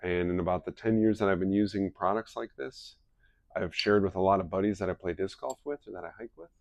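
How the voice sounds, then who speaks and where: Man, lowish pitch, chatty storyteller, presenting to a small audience. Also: fast talker, vocal fry, dry recording. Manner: chatty storyteller who laughs at his own stories. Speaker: wellness presenter. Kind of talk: casual talk with anecdotes for a live audience.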